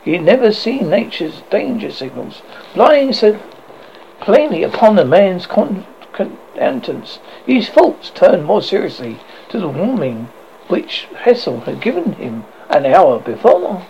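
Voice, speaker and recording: A man with a high, gravelly voice that swoops all over as he reads a horror tale. He reads dramatically but trips on words and starts them again. The recording sounds dull and lo-fi. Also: big pitch swings, unhurried, slight background noise. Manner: dramatic reading with frequent stumbles and restarts. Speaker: horror host narrator. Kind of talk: reading a classic horror story aloud.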